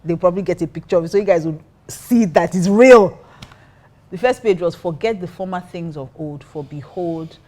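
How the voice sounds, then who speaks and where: A woman's voice: on the low side, moderate pace, a little mellow. A woman pastor telling a personal story in casual talk, acting out her own reactions. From Nigeria. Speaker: pastor and co-host.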